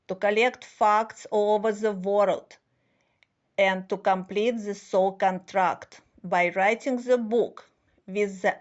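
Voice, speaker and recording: A woman speaks very slowly and deliberately, in a scripted monologue. Her phrasing halts, and her grammar is non-native. The sound is dull and lo-fi. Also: mid-range voice. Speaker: spiritual speaker.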